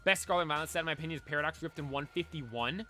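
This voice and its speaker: A man's voice: a little high, very fast, sharp tone, soft background music. A man chatting casually on a live stream, rambling and talking straight to his chat. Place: cold room at home.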